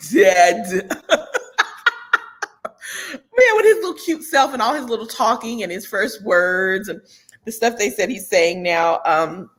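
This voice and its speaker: A woman co-hosting a casual chat show, animated and quick to laugh, agreeing often. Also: medium pitch. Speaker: podcast co-host.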